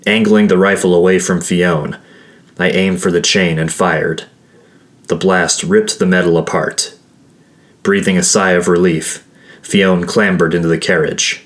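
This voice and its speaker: A man narrating a first-person adventure story in a measured, steady storytelling manner. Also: low voice. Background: faint music.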